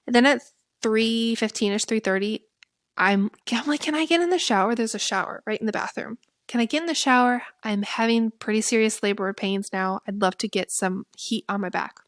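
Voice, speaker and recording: A young woman, a podcast co-host, candidly recounting a personal story and acting out her own past lines in lively bursts. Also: a little high, normal speed, no echo, studio quality. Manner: lively, candid, quotes herself in animated bursts.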